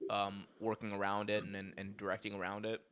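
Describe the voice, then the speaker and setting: A man's voice: lowish voice, monotone, brisk, a bit bright. A young man co-hosting a casual wrestling podcast, talking loosely with lots of filler words. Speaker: podcast co-host.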